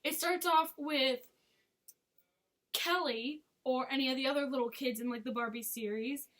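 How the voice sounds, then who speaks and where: A woman's voice: high-pitched, moderate pace, fairly bright tone. A woman chatting casually as a movie reviewer, with frequent giggles and sarcastic asides. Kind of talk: casual chat.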